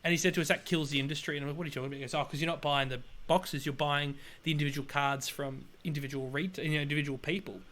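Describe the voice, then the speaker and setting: An Australian man co-hosting a podcast, telling stories in a lively, exasperated way with sudden outbursts. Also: rapid-fire, hardly any pauses. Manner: animated, exasperated storytelling with sudden high outbursts. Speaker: podcast co-host. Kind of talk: casual chat.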